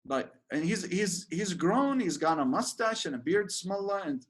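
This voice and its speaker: A sheikh giving an informal religious lecture, chatty and joking, with many fillers and restarts. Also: male voice, high voice, lively intonation, normal speed. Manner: laughs at his own jokes.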